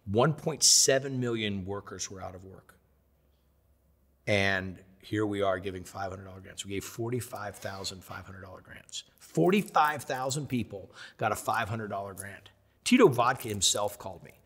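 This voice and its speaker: A man in his fifties from the United States, telling stories in a lively sit-down interview and acting out the quotes. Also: lowish voice, normal speed, husky, long reverb tail. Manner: animated storyteller who acts out quotes. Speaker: interview guest, chef.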